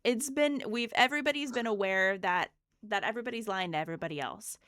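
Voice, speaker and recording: A woman's voice: mid-range voice, fast talker, a bit bright, no room sound, clean studio sound. A woman co-hosting a casual book podcast, talking in an emphatic, punchy way and swearing for effect. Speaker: podcast co-host. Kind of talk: casual book recap chat.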